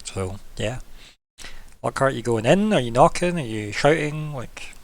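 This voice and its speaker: A man's voice: mid-range voice, animated, unhurried, vocal fry. A man narrating as game master of a tabletop game, chatty and loose, with many fillers and frequent laughs.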